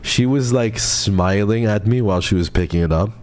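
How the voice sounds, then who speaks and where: Young male streamer, lowish voice, flustered rambling storyteller with casual swearing. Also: normal speed. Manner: rambling, flustered, heavy on "like" fillers; swears casually, addresses chat as "bro" and "guys".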